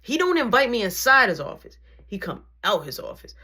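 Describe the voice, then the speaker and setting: A young woman telling a story in a casual, animated way, acting out each exchange of dialogue. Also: fairly high pitch, a little fast, breathy edge.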